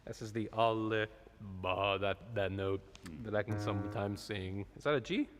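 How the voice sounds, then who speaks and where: A man's voice: on the low side, normal speed, slight background noise. Man coaching a choir, singing examples. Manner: explains, then sings short demonstrations. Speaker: choir director. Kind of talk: choir rehearsal instruction. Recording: reverberant room with instrument behind.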